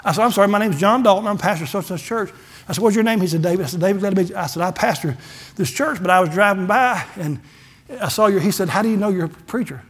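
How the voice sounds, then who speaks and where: A man's voice: high voice, quick pace, fairly bright tone, breathy edge. A middle-aged man, a pastor giving a folksy testimony sermon and acting out the dialogue in his stories. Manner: folksy storytelling, acts out dialogue, gets emotional.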